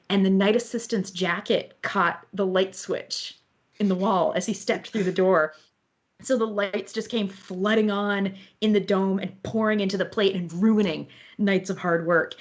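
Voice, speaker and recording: A woman astronomer and author, a guest in an online interview, telling lively stories from observing. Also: medium pitch. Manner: lively anecdotal storytelling.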